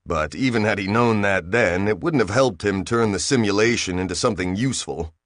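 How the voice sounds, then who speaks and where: A man narrating an audiobook in even, measured storytelling. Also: lowish voice, no room sound, clean studio sound. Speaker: audiobook reader. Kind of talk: scripted narration.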